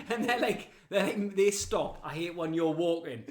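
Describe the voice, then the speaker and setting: A man's voice: high-pitched, expressive, normal speed, reverberant. A man co-hosting a podcast in casual chat. He laughs a lot, swears freely and acts out little scenes. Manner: laughs often, sweary, acts out bits of stories. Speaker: podcast co-host.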